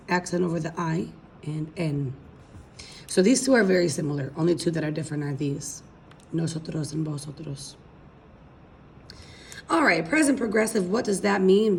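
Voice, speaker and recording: A woman's voice: on the low side, measured pace, gravelly, a little mellow, a little hiss or hum. A woman teaching a recorded language lesson, explaining patiently step by step and checking in with her students. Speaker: Spanish teacher.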